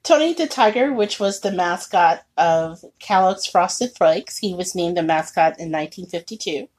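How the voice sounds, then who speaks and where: A woman co-hosting a podcast in casual chat, laughing often and animated. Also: on the low side, slightly rough. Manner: laughs often, animated, quick bursts of surprise. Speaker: podcast co-host.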